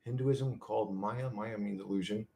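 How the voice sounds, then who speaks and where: A man's voice: fairly low pitch, steady tone, moderate pace, vocal fry, dark tone. A man hosting a casual livestream, reading chat comments and ranting in a profane, heated, rambling way. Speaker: channel host reading live chat.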